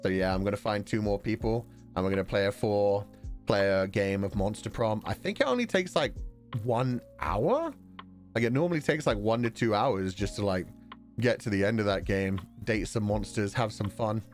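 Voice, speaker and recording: Belfast guy rambling on stream, kinda low voice, laughs a lot, quiet music in the back. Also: moderate pace. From Northern Ireland. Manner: rambling, chatty, laughs often. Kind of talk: casual chat.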